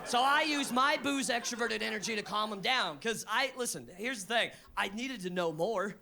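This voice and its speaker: A high-pitched man doing stand-up on a live stage, his voice bright and cutting as he barrels through a profane story. He gets excitable and loud, jumping into shouted voices for the other people in the tale, talking into a handheld mic. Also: moderate pace, gravelly. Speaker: stand-up comedian. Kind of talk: stand-up comedy set. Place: live comedy venue with audience laughter.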